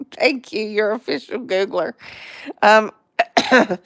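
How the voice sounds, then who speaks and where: Slow gravelly middle-aged woman chatting. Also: mid-range voice, no room sound, studio quality. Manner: rambling, chatty, laughs often. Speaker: livestream host. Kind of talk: casual livestream chat with viewers.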